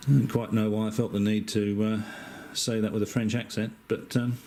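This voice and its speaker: A man's voice: fairly low pitch, moderate pace, hardly any pauses. Chatty Australian man explaining circuits. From Western Australia. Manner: relaxed, chatty, with frequent hesitations and dry asides. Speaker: amateur radio operator. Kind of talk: casual technical explanation.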